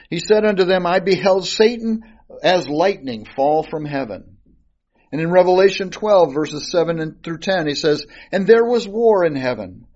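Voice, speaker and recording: A man's voice: a little high, a little mellow. Man teaching scripture, dull lo-fi sound. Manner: reads King James scripture aloud, then explains casually with fillers and restarts. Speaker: Bible teacher. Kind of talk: informal Bible study sermon. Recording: dull lo-fi recording.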